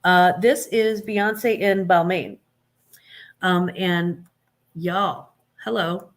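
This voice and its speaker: A woman's voice: lowish voice, extremely slow. A woman hosting a live stream, giving blunt, sarcastic opinions in casual chat, with many fillers and restarts.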